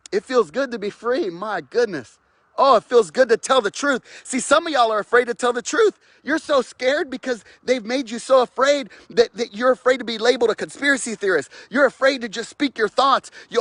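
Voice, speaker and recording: A man's voice: very high voice, lively intonation, moderate pace, a bit bright, dry recording. A man delivering a fiery, preachy rant outdoors, repeating phrases and mocking others' voices, recorded close on a phone.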